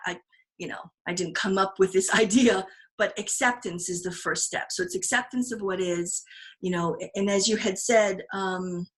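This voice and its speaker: A woman's voice: medium pitch, a bit bright, rough recording. Earnest, reflective woman podcast host. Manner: earnest and reflective, with frequent restarts and laughs. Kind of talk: casual podcast conversation.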